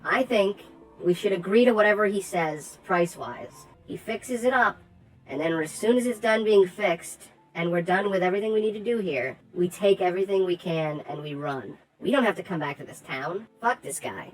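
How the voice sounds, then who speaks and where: A woman's voice: medium pitch, normal speed, soft background music, rough recording. A woman playing in a tabletop game, brash and crude, scheming in casual chat. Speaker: player.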